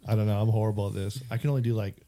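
A man hosting a podcast, telling stories in casual chat and slipping into quick imitations. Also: fairly low pitch, background noise. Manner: animated storyteller, slips into imitations. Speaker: podcast host.

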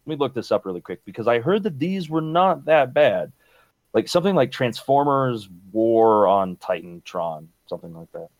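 A man's voice: mid-range voice, lively intonation, normal speed, dry recording. A man co-hosting a podcast in loose, casual chat, blunt and cursing freely. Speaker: podcast co-host.

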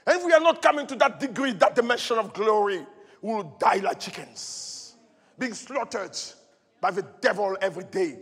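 A man preaching a sermon as pastor, repeating phrases with passion and swinging from soft to loud. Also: high voice, animated, moderate pace, husky. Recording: long hall reverb.

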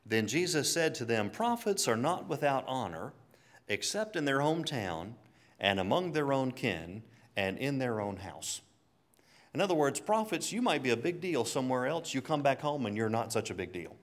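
A man's voice: medium pitch, very animated, normal speed. A man preaching a conversational sermon, chuckling often and telling stories between scripture readings.

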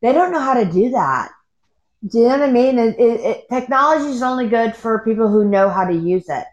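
A woman's voice: fairly high pitch, expressive, a little fast, muffled recording. A woman from the Pittsburgh area chatting casually on a podcast, rambling and laughing easily. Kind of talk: casual chat.

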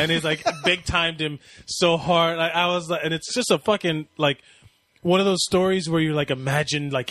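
A man's voice: on the high side, steady tone, normal speed, fairly bright tone, dry recording. A man chatting casually on a podcast, rambling and swearing, acting out quoted lines as he tells stories.

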